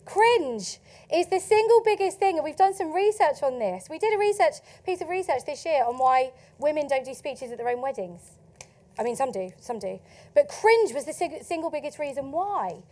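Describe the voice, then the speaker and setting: A woman with an Essex accent giving a lively, chatty conference talk, asking the audience questions and laughing often. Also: sits high, normal speed. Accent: Essex English. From England. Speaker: conference speaker. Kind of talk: keynote talk to a live audience. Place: conference stage.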